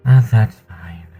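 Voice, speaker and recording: A man chatting on his stream while still out of breath, halting and trailing off between sighs. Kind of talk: casual stream chat.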